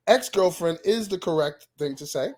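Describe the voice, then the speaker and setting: A man with a New York accent co-hosting a casual basketball podcast, relaxed and agreeable, often chiming in with short replies. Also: high-pitched, moderate pace. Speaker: podcast co-host. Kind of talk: casual chat.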